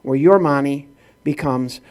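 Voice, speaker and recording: With a darkish, mid-range voice and an unhurried delivery, a middle-aged man from rural Illinois in the US Midwest does stand-up at a corporate event, acting out dialogue as he tells stories.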